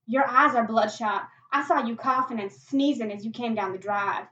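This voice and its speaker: A woman's voice: on the high side, steady tone, slow. A woman reading aloud, voicing a distrustful rural woman with a shotgun, curt and accusing, in a put-on drawl. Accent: put-on regional drawl. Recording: echoey, distant, muffled home recording.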